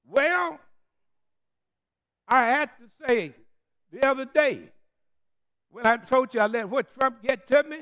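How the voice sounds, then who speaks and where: A very high-pitched preacher leading a call-and-response sermon. He speaks slowly, drawing out the key words and leaving gaps for the congregation to answer. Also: sharp tone, muffled recording. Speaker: Methodist preacher.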